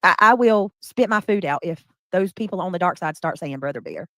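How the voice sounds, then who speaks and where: A woman's voice: on the low side, animated, brisk, pushed and bright, dry recording. A woman hosting a casual commentary chat, talking bluntly with lots of slang and swearing. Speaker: host.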